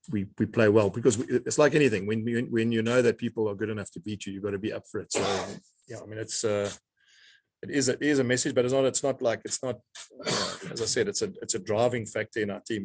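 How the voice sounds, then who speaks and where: A middle-aged man, a rugby coach answering reporters' questions in a measured way, often repeating words as he searches for them. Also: fairly low pitch, fairly even intonation. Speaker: rugby coach at a press conference. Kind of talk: press conference answers.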